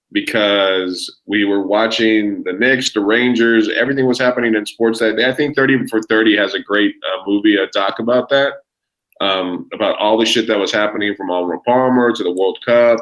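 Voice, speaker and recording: A man's voice: lowish voice, a bit bright, low-quality recording. A man, telling a rambling, profane story as a podcast guest. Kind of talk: casual chat.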